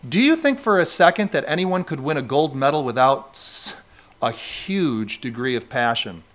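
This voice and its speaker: Animated preacher with a lively voice. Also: male voice, medium pitch, normal speed. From New York State, USA. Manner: animated, conversational preaching with rhetorical questions to the congregation. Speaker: pastor. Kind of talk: sermon.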